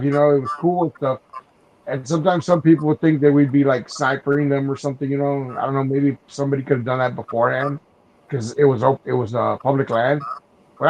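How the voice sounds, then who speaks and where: A man's voice: medium pitch, slight background noise. A man chatting casually on a podcast, telling rambling stories full of restarts and "you know.". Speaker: podcast host. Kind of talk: casual chat. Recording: dull lo-fi sound.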